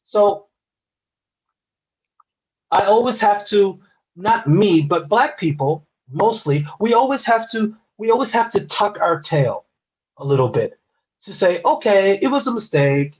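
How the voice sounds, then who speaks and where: Man, American accent, earnest personal story, husky voice, dull lo-fi recording. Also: high voice, animated, takes it slowly, pauses often. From United States. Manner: earnest, retells scenes with quoted dialogue. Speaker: interviewee.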